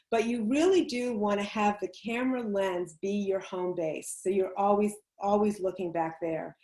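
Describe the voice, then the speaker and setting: A woman's voice: medium pitch, darkish tone. A woman public speaking coach giving chatty, emphatic advice on a video call, laughing easily as she explains. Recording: roomy echo on a video call.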